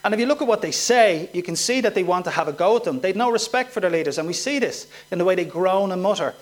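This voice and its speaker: A man's voice: high voice, expressive, quick pace, hardly any pauses. A man preaching a sermon, asking his listeners direct questions and acting out the voices of the people he describes. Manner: questioning, emphatic, acts out quoted voices.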